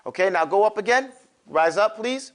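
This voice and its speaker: A man's voice: high voice, expressive, moderate pace. A man teaching a classroom lesson, drawing out sounds for students to repeat and adding playful asides. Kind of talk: classroom lesson with call-and-response drills.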